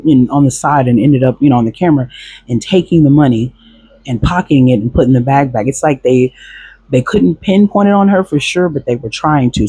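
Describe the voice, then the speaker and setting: Husky-voiced man telling a story. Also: medium pitch, a little mellow, no echo. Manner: rambling, with many fillers and restarts. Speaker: vlogger recounting a past relationship. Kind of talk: casual storytelling monologue.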